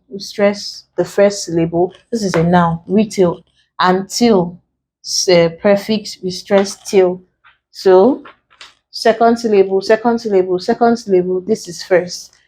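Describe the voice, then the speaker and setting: A woman from Nigeria with a Nigerian English accent, teaching an online exam lesson and working through each answer step by step in a deliberate way. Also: medium pitch, dark tone.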